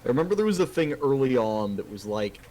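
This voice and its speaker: A man's voice: mid-range voice, big pitch swings, quick pace, mellow. A man streaming a video game, chatting casually and animatedly, laughing often. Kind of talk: casual gaming chat.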